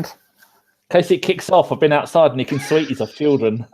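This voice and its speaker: A man's voice: on the high side, lively intonation, normal speed, darkish tone. A man joking around as a podcast co-host, self-mocking and casual.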